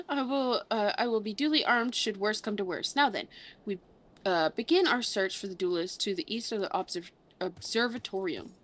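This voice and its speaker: A woman voicing a pompous, bumbling male gentleman inspector with a put-on southern drawl, reading game dialogue aloud in grand, old-fashioned phrasing. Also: medium pitch, normal speed, close to an everyday voice.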